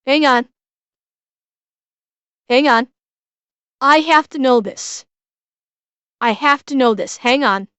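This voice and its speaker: A woman streamer chatting casually as she reacts, excitable and swearing freely, often restarting her sentences. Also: high voice, takes it slowly, long pauses, clean tone, dry recording.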